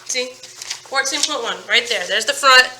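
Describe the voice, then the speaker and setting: A woman teaching a phonics lesson to children, speaking slowly and emphatically and repeating each word and sound. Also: high-pitched, bright, forceful tone, slight background noise. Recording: echoey room, mic at a distance.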